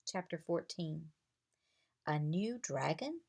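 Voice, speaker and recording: A woman reading a children's chapter book aloud with expressive storytelling. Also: low voice, slow pace, gravelly, breathy edge. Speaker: reader.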